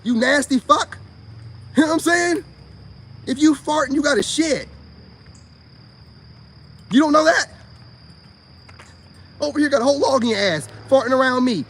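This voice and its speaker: A man giving a profane, mocking monologue, swinging between high outbursts and low mutters. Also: moderate pace, pauses often, a bit bright, a little hiss or hum. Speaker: online commentator. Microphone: self-recorded video.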